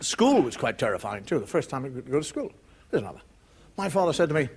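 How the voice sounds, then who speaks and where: A man's voice: mid-range voice, very animated, fast, breathy edge, some chatter behind. A man with an Irish accent doing a stand-up comedy monologue, telling wry stories and putting on his parents' voices.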